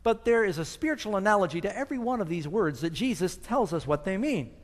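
A man's voice: high-pitched, lively intonation, fast talker. A man preaching a sermon with emphatic delivery, quoting scripture and asking the congregation questions. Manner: emphatic, rising and falling with scripture quotes, asks the audience questions. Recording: long hall reverb.

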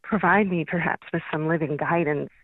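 A woman's voice: deep voice, moderate pace, no room sound. A woman calling in to a radio show over the phone, thoughtfully describing a personal experience while searching for words. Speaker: caller. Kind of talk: phone-in question. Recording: telephone line.

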